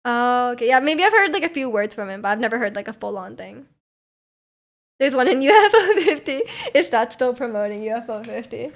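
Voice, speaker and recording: Chatty young woman streamer, slightly high voice. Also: sing-song, fairly quick. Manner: rambling, heavy use of "like", frequent laughs. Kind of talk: casual chat with viewers.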